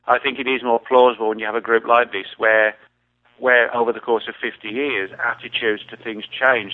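An English-accented man talking casually as a guest, rambling with many restarts. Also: on the low side. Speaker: guest researcher. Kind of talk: casual interview talk. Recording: tinny phone-like line.

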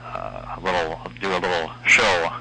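Very deep-voiced man on radio. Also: very animated, creaky, bright, forceful tone, slight background noise, rough recording. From Minnesota. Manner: halting, many uhs and restarts. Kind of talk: casual radio call-in conversation. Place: home, calling in.

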